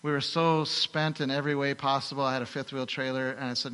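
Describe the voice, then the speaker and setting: Male pastor, sermon, bright tense tone, rhetorical questions, long hall reverb. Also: mid-range voice, fast, clear, resonant tone. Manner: storytelling, rhetorical questions, animated asides.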